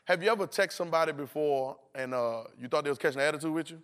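Male preacher, AAVE, high voice, playful call-and-response, acts out lines. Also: fast, background noise. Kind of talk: sermon.

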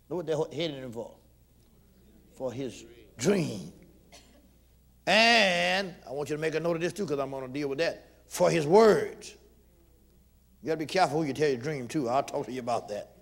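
A man preaching a sermon as pastor, leading call-and-response and swelling loud when he reads scripture. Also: medium pitch, normal speed, pauses often.

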